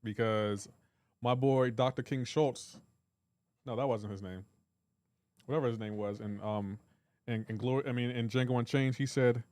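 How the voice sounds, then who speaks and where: Man, game streamer, casual live chat, joking, answers chat aloud, mid-pitched voice, dry close mic. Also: animated, unhurried, pauses often, a little mellow, no echo.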